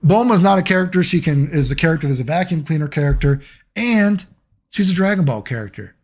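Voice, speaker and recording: Husky gaming youtuber guy, rambly and sarcastic, cusses a lot. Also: on the high side, animated, fast talker. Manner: rambling, sarcastic, swears freely. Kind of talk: casual commentary.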